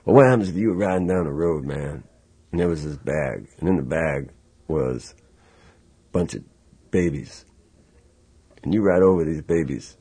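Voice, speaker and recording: Man voicing a sly, drawling, low-voiced star, menacing and preachy. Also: animated, moderate pace, mellow, breathy edge, dry recording, heavily acted.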